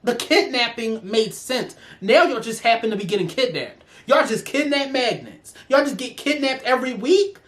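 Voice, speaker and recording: Sassy ranting woman with a lively voice. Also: fairly high pitch, normal speed, hardly any pauses. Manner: sassy, profane, animated ranting. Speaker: show reviewer. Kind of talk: ranting review vlog.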